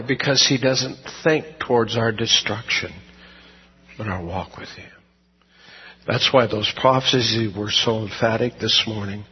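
Gravelly, husky-voiced pastor closing a service. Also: male voice, medium pitch, big-room sound, muffled recording. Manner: earnest, folksy, slows down for emphasis. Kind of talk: sermon closing and prayer.

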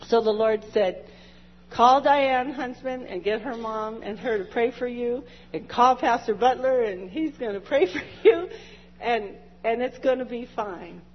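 A woman's voice: fairly high pitch, unhurried. A woman in church giving an emotional personal testimony. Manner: emotional, laughs and tearful at times. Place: church sanctuary. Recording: dull lo-fi church recording with long reverb.

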